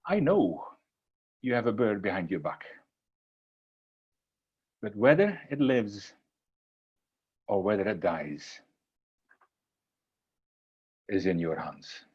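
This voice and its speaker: A man voicing a calm wise old man in a village, speaking slowly in a low, hushed voice. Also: breathy edge, lo-fi sound, exaggerated voice. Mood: calm, sage.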